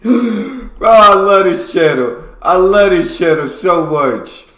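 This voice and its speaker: A man's voice: high-pitched, animated, takes it slowly, a bit bright, reverberant. An American man hosting a reaction video, chatting casually and reacting with easy enthusiasm. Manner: enthusiastic, easily amused.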